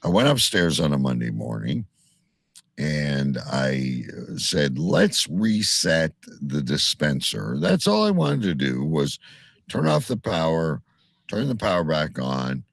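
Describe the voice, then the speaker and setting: A middle-aged man co-hosting a casual chat, telling animated stories and swearing freely. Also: extremely low pitch, measured pace, creaky, dry recording.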